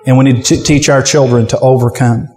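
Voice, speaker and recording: A pastor preaching a sermon with forceful, repetitive exhortation. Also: male voice, medium pitch, fairly even intonation, fairly quick, in a large hall.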